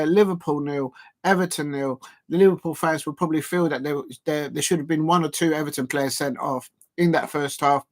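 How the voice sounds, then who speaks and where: His voice a little high, a man hosts a football watch-along live, his rambling commentary packed with fillers and restarts. He gets worked up when key moments arrive.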